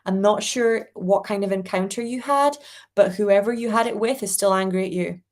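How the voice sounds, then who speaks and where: A woman hosting a live spiritual reading, gently reassuring viewers and reading out their comments. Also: mid-range voice, moderate pace. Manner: reads viewer comments aloud. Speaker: angel reading host.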